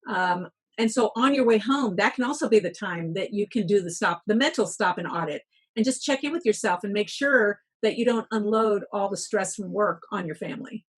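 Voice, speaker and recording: A woman's voice: medium pitch, brisk, breathy edge. A middle-aged woman, a workplace wellness speaker, giving advice and telling stories as a guest in a podcast interview. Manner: storytelling, coaching tone.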